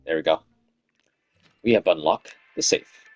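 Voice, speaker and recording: A man's voice: a bass voice, unhurried. A man streaming a game with casual chatty commentary, laughing often and humming along, his voice tired after hours of talking. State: voice fatigue.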